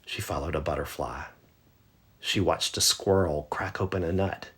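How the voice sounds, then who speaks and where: A man narrating a bedtime story in a gentle, measured way. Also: rumbling low, breathy edge.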